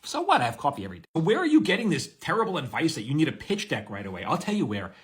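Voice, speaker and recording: A screenwriter giving blunt, energetic, wisecracking advice straight to the camera. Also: male voice, on the high side, very fast. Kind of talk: direct-to-camera advice monologue.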